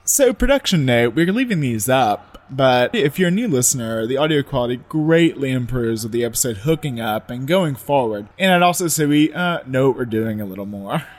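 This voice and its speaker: A man's voice: medium pitch, animated, fairly quick, few pauses. A man co-hosting a podcast, chatting in a friendly, easygoing and informative way. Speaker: podcast co-host. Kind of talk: casual podcast chat.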